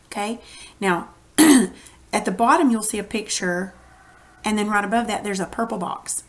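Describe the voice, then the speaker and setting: A woman's voice: mid-range voice, normal speed. A woman with a Texan accent, teaching a reading lesson to young students in a conversational, explaining way. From Texas.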